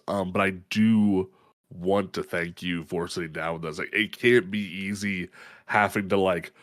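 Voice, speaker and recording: Soft-spoken sympathetic male host. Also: low-pitched, no room sound, studio quality. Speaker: podcast host. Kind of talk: casual interview.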